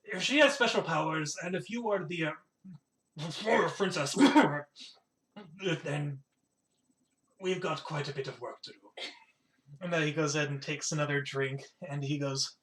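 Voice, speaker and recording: Relaxed male game master telling the scene, higher voice. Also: a little slow, long pauses, low-quality recording. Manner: laid-back storytelling. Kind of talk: narrating a tabletop game.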